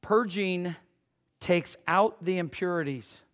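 A middle-aged male pastor preaching with a slightly higher than usual voice. He tells a story softly and quietly, then presses his points with rising emphasis. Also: slow pace. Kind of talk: sermon.

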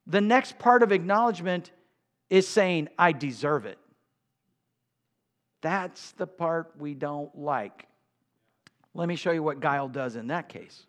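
Male pastor, fairly high voice, dramatic sermon delivery with loud outbursts. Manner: preaching with sudden loud outbursts and drawn-out slow emphasis.

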